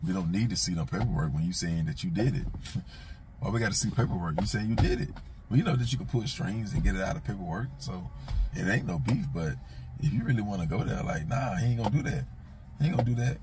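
A man's voice: on the low side, animated, fast talker, noisy background. A man hosting his own commentary channel, talking bluntly and casually, speaking straight to the people he discusses in street slang and often repeating himself. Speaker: commentator and host.

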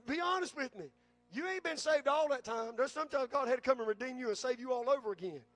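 A man preaching a sermon as pastor, calling out to the congregation and building to shouts. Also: extremely high pitch, fast.

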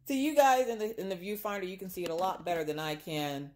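Chatty low-voiced woman unboxing crafts. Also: fast talker, slight background noise. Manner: chatty, expressive, talks to viewers. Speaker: craft vlogger. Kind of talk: casual unboxing chat.

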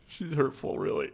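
A gaming YouTuber gives casual commentary over his gameplay, rambling and mocking himself, swearing, and breaking into sudden excited outbursts.

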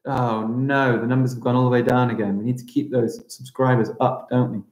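A man's voice: mid-range voice, steady tone, a little fast, a little mellow. A man teaching a live-streamed primary school craft lesson, chatting as he narrates each step aloud. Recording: roomy echo.

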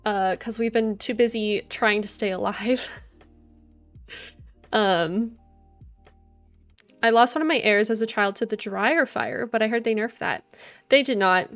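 A woman's voice: fairly high pitch, unhurried, pauses often. A young woman streaming a life-sim game, chatting casually with her viewers and her game characters, giggling often. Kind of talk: casual gameplay chat. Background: soft game music.

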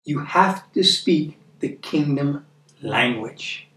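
A man with an American accent giving a conversational sermon, earnest, repeating words for emphasis and reading scripture slowly. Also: a little high, lively intonation, fairly bright tone. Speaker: preacher. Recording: echoey room, mic at a distance.

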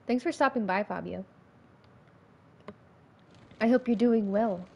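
In an unhurried, medium-pitched voice with vocal fry, a woman gives casual commentary while livestreaming a game. She's excitable, swears often, and breaks into laughter and panicked outbursts.

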